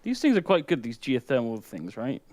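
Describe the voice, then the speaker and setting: A man on a voice call during a game, excitable and thinking aloud about his moves. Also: mid-range voice, normal speed. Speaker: player on voice call. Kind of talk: casual gaming banter.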